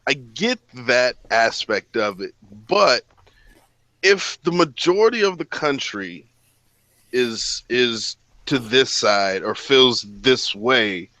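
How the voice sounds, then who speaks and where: A man's voice: medium pitch, slow, no room sound, rough recording. A man co-hosting a casual podcast who tells stories in a loose, profane, laughing way and acts out the people in them. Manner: animated, laughing, acts out voices in anecdotes. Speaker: podcast co-host. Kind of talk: casual profane banter, storytelling.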